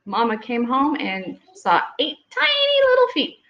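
A woman reading picture books aloud to young children at home, pausing gently to ask them questions. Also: high voice, wildly swooping pitch. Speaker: storytime reader. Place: home room with children nearby. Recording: echoey room, dull lo-fi audio.

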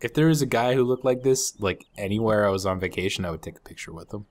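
A man with a lowish voice riffs through a relaxed gameplay commentary. He jokes constantly and laughs easily at what he sees on screen. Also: quick pace. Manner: joking, laughs often. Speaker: co-host.

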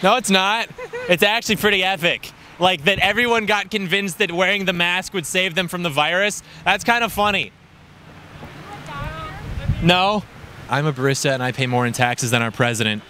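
A man, a YouTuber, questioning protesters outdoors in a deadpan, mock-innocent, needling way. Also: sits high, moderate pace. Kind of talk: provocative street interview. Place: outdoors by a street. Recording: outdoor street noise.

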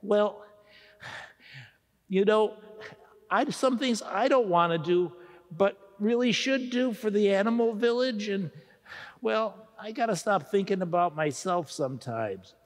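A man voicing a timid, fretful male turtle puppet in a church children's skit, high and pleading. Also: a little slow, long pauses. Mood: earnest. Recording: echoey church hall.

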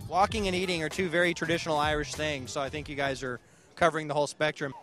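A male comedy host doing a street interview at an outdoor festival, with dry, mock-serious jokes. His voice is bright and slightly high. Faint music plays behind him. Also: fairly even intonation, fast. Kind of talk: deadpan comic street interview.

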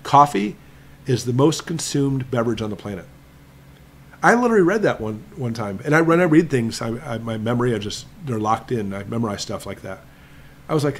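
A man hosting a prepping live stream, answering viewer questions in a talkative, emphatic lecturing manner that slows down to stress points. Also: mid-range voice, lively intonation. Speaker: prepping channel host.

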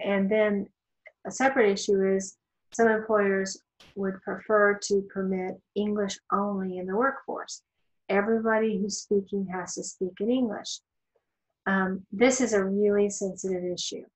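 A woman's voice: medium pitch, poor audio. Woman, law instructor, recorded lecture, conversational, fillers and asides.

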